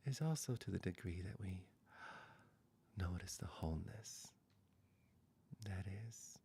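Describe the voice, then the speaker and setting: A man giving a spiritual satsang talk, speaking softly and slowly, often half-whispered, with long pauses. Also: sits low, lively intonation, vocal fry, a little hiss or hum. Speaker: spiritual teacher.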